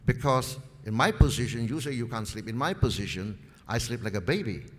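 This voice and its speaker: A man voicing a calm, deadpan middle-aged plantation producer. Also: mid-range voice, a little fast, natural voice. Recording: long reverb in a seminar hall.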